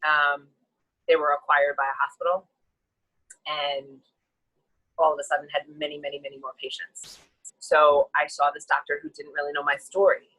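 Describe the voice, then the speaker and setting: A woman tells a personal story in an open, emotional way, with a bright, ringing tone. She rambles a bit with fillers and slips into different voices when quoting others. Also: deep voice, normal speed, long pauses, husky, poor audio. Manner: animated, acts out quoted people in shifting voices. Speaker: guest.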